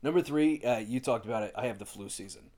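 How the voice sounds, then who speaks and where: A man's voice: medium pitch, fast. A man co-hosting a casual podcast, recounting funny scenes at an easy pace with frequent laughs. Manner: relaxed storytelling with frequent laughs and quoted lines. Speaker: podcast co-host. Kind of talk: casual chat.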